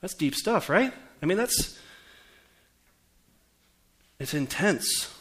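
A man's voice: sits high, animated, slow, fairly bright tone. A man in his forties, a pastor preaching a conversational sermon and putting questions to the congregation. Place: church.

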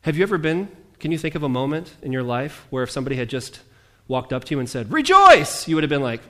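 Animated male pastor preaching. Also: medium pitch, fast talker. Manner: animated, jokey asides, mimics voices. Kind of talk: sermon.

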